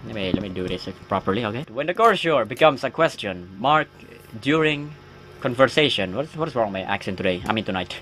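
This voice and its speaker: A man's voice: mid-range voice, lively intonation, fairly quick, a bit bright, soft background music. A man rambling casually while playing a horror game, joking at himself and yelping at scares. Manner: chatty, self-mocking, bursts into yelps at scares. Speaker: gaming YouTuber. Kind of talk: rambling let's-play chat.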